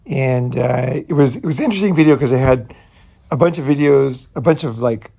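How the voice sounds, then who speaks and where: A man's voice: medium pitch, brisk, gravelly, dark tone, breathy edge. A man hosting his own channel, talking in a loose, rambling way and leaning on "you know" and "right" while speaking bluntly and sometimes profanely. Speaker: channel host. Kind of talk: casual rambling monologue.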